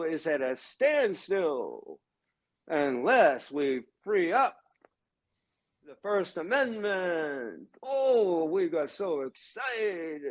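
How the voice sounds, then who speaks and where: An older man in his seventies speaks as a guest in an emphatic, ranting torrent. His voice sits a bit high for a man and swings widely in pitch and loudness. He sounds heated and insistent throughout. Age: 70s. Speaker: guest, religious brother. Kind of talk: heated conversational monologue.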